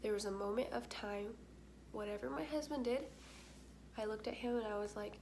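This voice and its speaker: Young woman vlogger, slightly high voice, chatty and candid, plenty of filler words. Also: normal speed, gravelly, noisy background. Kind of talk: casual chat to camera.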